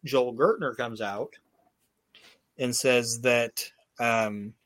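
A man hosts a laid-back podcast, recapping events in a loose, rambling way full of swearing, fillers and false starts. His voice sits at an ordinary pitch and is recorded dry and close. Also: fairly even intonation, drawn-out words, fairly bright tone, dry recording. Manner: rambling, profane storytelling with many fillers and restarts. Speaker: podcast host. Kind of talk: casual recap chat.

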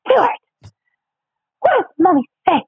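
A woman's voice: extremely high pitch, very animated, measured pace, vocal fry, no room sound, voice pushed up, exaggerated voice. A woman doing a scolding sing-song mom. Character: scolding sing-song mother of a troubled boy. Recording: tinny phone-like sound.

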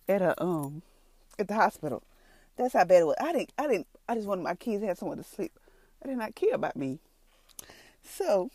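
A woman with a soft drawl tells her testimony in a low, mellow voice, rambling and close to tears. The sound is dry and close, like a podcast mic in a quiet room. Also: dry recording. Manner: tearful, rambling storyteller. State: crying at times. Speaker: podcast host giving a testimony. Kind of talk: emotional personal testimony.

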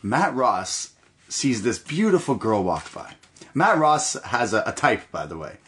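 Co-hosting a wrestling podcast, this man chats casually and tells stories full of laughter. His voice sits in the mid-range and he takes his time, an animated storyteller who laughs often.

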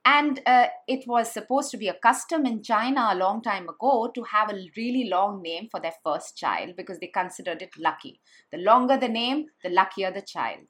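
A woman's voice: medium pitch, moderate pace, a bit bright. A woman co-hosting a podcast about storytelling, playful and encouraging toward her co-hosts. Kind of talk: casual podcast chat.

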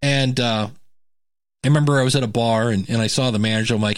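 A man hosting a podcast in a casual, conversational way, animated and acting out quoted thoughts. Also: mid-range voice, fast, dry recording, clean studio sound. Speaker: podcast host.

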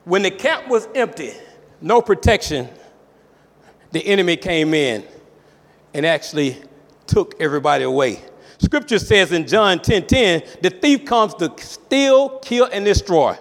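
Brief: high-pitched male pastor, emphatic preaching, sermon echoing through a church hall. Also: big pitch swings, a little slow, pauses often. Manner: emphatic preaching with call-outs and rising shouts.

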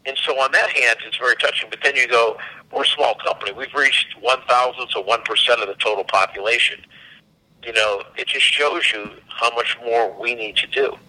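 A man, a company CEO and podcast guest, telling animated anecdotes and acting out the dialogue. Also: mid-range voice, fairly quick, rough recording. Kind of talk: casual storytelling.

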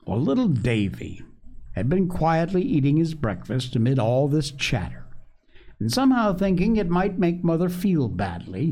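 A man's voice: mid-range voice, darkish tone. A man hosting a show, reading a classic children's story aloud expressively. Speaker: podcast host reading a story.

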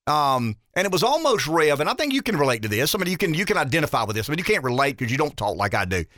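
Man, rural Southern accent, talk radio host, fairly high voice, emphatic and folksy. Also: very animated, rapid-fire, a bit bright, no room sound, clean studio sound. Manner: emphatic, folksy, repeats words as he builds points. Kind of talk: opinionated talk radio commentary.

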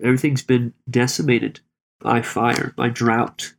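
A man discussing a Bible passage in relaxed conversation, talking with frequent restarts and self-corrections. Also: medium pitch, gravelly. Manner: conversational, halting, with many restarts. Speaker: Bible study co-host.

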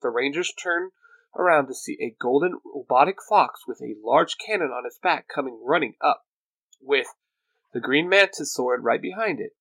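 A man's voice: medium pitch, animated, normal speed, a bit bright, dry recording, poor audio. Man, storyteller, read-aloud narration, dry close sound. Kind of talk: fan audio drama narration.

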